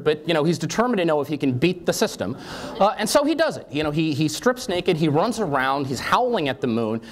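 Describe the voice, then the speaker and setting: A man's voice: on the high side, very animated, fairly quick. A man in his forties giving a university lecture in a conversational storytelling style, often checking in with "okay?". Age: 40s. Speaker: guest lecturer.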